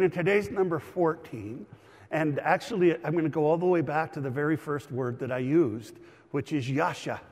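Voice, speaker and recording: A middle-aged male pastor preaching a lively sermon, explaining words and raising his voice for emphasis. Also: fairly high pitch, long reverb tail. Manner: animated, shouts for emphasis, teaching aside.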